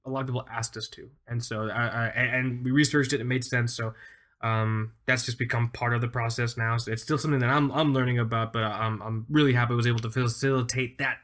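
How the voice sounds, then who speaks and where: A man's voice: medium pitch, fairly even intonation, fast talker, a bit bright. A man in his thirties co-hosting a casual podcast, rambling enthusiastically with lots of fillers. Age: 30s. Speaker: podcast co-host.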